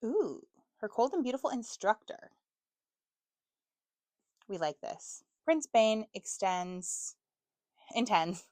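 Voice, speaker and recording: A woman's voice: fairly high pitch, very animated, slow pace, pauses often, a little mellow, dry recording, studio quality. A woman in her twenties chatting casually to camera about books, self-mocking and stumbling over words now and then. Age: 20s. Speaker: book vlogger.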